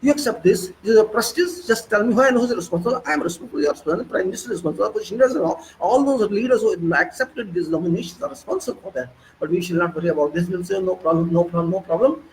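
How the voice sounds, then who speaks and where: A man's voice: sits high, rapid-fire, hardly any pauses, a little hiss or hum, low-quality recording. A man with an Indian accent delivering an impassioned, ranting political monologue with heavy repetition. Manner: excitable, ranting, repetitive emphasis. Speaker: political commentator.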